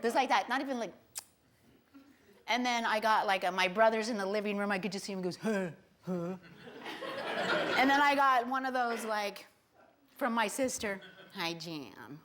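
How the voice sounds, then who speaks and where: A high-pitched middle-aged woman performing stand-up storytelling. She tells family anecdotes in an animated way and slips into the voices of the relatives she quotes. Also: a little fast, a crowd in the background. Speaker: stand-up comedian.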